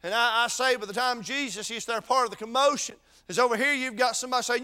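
A man preaching a sermon with fervor, going from shouted peaks to quiet intensity and repeating words as he restarts his sentences. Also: extremely high pitch, steady tone, quick pace, hardly any pauses, clean tone.

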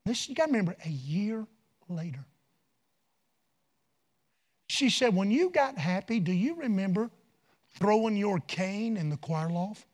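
A middle-aged man preaching a revival sermon full of stories, folksy and rising from quiet asides to loud shouted peaks. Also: high-pitched, animated, a little slow, long pauses.

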